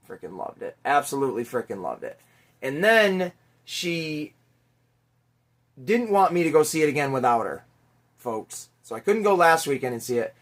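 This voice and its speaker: A middle-aged man telling a Father's Day story in a casual, animated way, swearing now and then and acting out the people in it. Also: fairly high pitch, normal speed. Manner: animated, chatty, swears casually, mimics voices in anecdotes. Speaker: toy collector vlogger, father.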